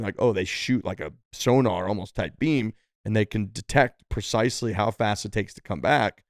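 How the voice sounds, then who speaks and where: Podcast dude rambling thru a story, kinda low voice, lots of likes, dry close sound. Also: male voice, no echo. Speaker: podcast co-host. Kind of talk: casual storytelling.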